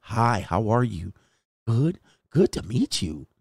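A gentle, coaxing man speaks slowly in a sing-song lilt, every sentence ending like a question, as a man puts him on. The voice is thinned of bass and dry, right at the mic. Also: big pitch swings, vocal fry, breathy edge, no echo, full character voice. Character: soft-spoken man talking down to a girl.

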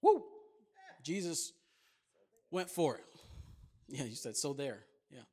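A man's voice: mid-range voice, expressive, slow pace, slightly rough. A man in his thirties preaching a sermon, chatting with the congregation in asides and then building to emphatic points. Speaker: pastor.

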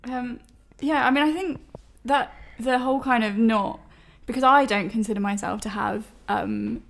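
A woman's voice: fairly high pitch, moderate pace, vocal fry. A woman, telling stories in a casual podcast chat, chatty and self-deprecating with many fillers.

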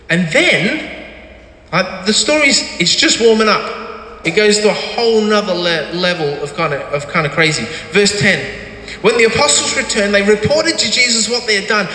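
Animated high-voiced preacher. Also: male voice, normal speed, echoey room, in a large hall, low-quality recording. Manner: animated storytelling, acting out quotes. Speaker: pastor. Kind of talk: sermon.

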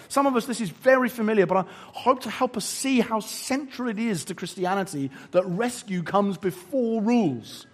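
A male preacher giving a sermon in an animated, humorous, conversational way. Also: very high voice, slightly rough.

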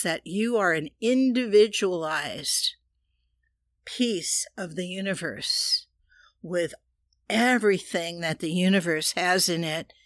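A woman's voice: lowish voice, a bit bright, dry recording, studio quality. A woman giving a metaphysical spiritual teaching, earnest and leading listeners in repeated affirmations.

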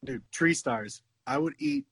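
A man's voice: a little high, wildly swooping pitch, a little slow, creaky, a bit bright, slightly rough, no echo. A man in his thirties co-hosting a podcast in casual chat, joking and slipping into silly voices. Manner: jokey, slips into silly voices. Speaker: podcast co-host.

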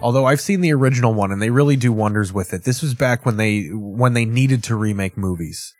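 A man's voice: mid-range voice, fairly quick, a little mellow, faint music behind. A man giving casual, profane commentary as he reacts to TV clips, rambling with wry asides.

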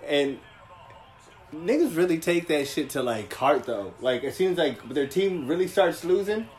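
A young man in casual podcast chat, telling animated stories with heavy slang and swearing. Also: fairly high pitch, unhurried, reverberant.

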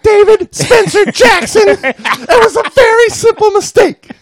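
A man puts on a nagging middle-aged wife, her falsetto shrill and pleading as it swings wildly up and down. The sound is close and dry, like a podcast mic. It is a comic read-aloud, broadly played. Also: sing-song, a little slow, dry recording, exaggerated voice. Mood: whiny pleading.

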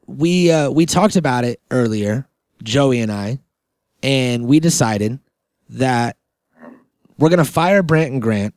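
A man hosting a comedy podcast, rambling in casual chat and deadpan mock-boss banter. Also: mid-range voice, no echo, studio quality. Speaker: podcast host.

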